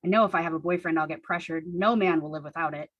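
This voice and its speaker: Husky woman reading her teen diary aloud. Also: low-pitched, fast, dry recording, muffled recording. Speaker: storyteller reading her teenage diary on stage. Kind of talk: comic reading of childhood diary.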